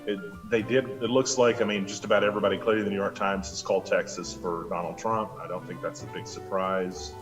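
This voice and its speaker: A male co-host with a somewhat low voice, picked up from some distance from the mic. Clear music plays behind him as he delivers dry, matter-of-fact updates. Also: steady tone, fast, hardly any pauses. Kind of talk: live stream chat.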